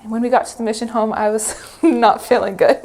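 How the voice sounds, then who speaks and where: A woman's voice: a little high, fairly even intonation, a little fast, a little mellow. A woman in an interview recounting a long journey, chatting and laughing lightly as she goes. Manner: chatty, laughing between phrases. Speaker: interviewee recalling mission travel. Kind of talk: recorded interview storytelling.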